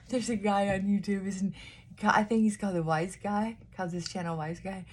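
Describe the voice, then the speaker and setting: A woman's voice: mid-range voice, lively intonation, moderate pace. A woman vlogging a casual morning chat, sassy and chatty, short on sleep and punchy, giving herself a pep talk.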